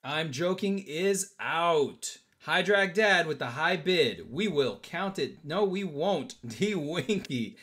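A man's voice: on the high side, lively intonation, slow, few pauses, a bit bright. A man hosting a live-stream auction, joking with bidders and counting down bids. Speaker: auction host.

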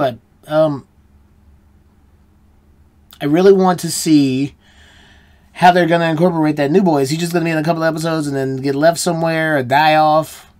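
An American man hosting a reaction channel, reviewing an episode in a rambling, self-questioning way. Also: a little high. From United States. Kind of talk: casual solo review chat.

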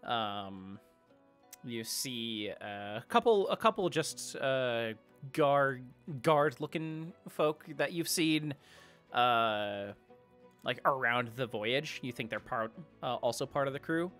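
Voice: mid-range voice, lively intonation, slow pace, fairly bright tone, faint music behind. A game master narrating a tabletop game in a rambling way, with many fillers and restarts.

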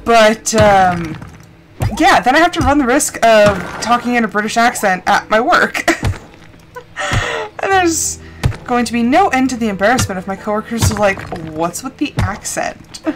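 A young adult woman live-streams a farming game, chatting casually and rambling with lots of fillers while game music plays behind her. Her voice is fairly high and expressive, at a normal speed.

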